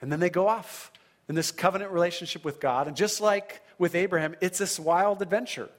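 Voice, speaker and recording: A man delivering a sermon in a somewhat high voice. He reads scripture aloud with dramatic emphasis and keeps checking in with listeners by asking "right?". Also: a little fast. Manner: animated preaching, frequent "right?" check-ins, dramatic scripture reading. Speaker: pastor.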